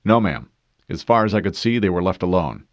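A man's voice: low voice, sing-song, a little fast, no room sound. A man voicing a disciplined male super-soldier who answers stiffly and formally. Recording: dull dry studio read.

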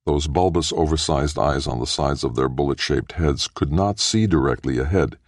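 A man narrating an audiobook in a steady, measured storytelling manner. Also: rumbling low, no echo, clean studio sound. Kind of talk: scripted narration.

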